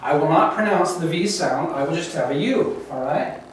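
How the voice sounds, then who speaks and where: A man's voice: a little high, lively intonation. A man teaching a Bible Hebrew class, patiently drilling letters and often checking in with the students. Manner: patient, repeats "okay?" to check understanding; slow, careful letter-by-letter drilling. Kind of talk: classroom lecture. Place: classroom, recorded from the back. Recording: very echoey room, distant mic, faint noise.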